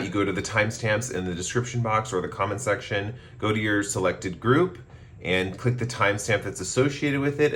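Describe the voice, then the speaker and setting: A man with a very deep, hoarse voice, worn down by a recent cough. He leads a casual tarot reading in a loose, rambling way, full of ums and pauses. A faint hiss sits under his voice. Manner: relaxed, rambling, many ums. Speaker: tarot reader.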